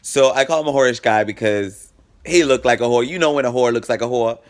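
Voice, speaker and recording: A brisk man with a medium-pitched voice vlogs a personal story. He tells it casually, with frankness, profanity and drama, and acts out the dialogue he's quoting.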